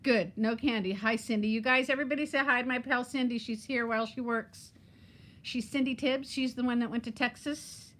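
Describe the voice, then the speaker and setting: A woman's voice: fairly high pitch, fairly even intonation, brisk, fairly bright tone. A woman in her fifties chatting casually on a live stream, laughing often and greeting viewers by name. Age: 50s. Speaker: vlogger hosting a live chat.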